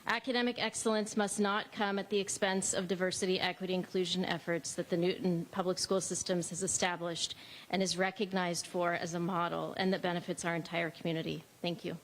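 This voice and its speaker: A woman parent reading a formal, measured statement at a public hearing. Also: lowish voice, flat delivery, a little hiss or hum, low-quality recording. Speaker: parent speaker. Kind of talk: read public comment. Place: high school meeting hall.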